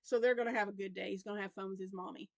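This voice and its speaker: In a creaky, mid-range voice with a steady tone, a crochet vlogger talks rapid-fire to camera with no echo around her. She's a grandmother in her fifties with a Southern American accent, rambling about her week and restarting as she goes.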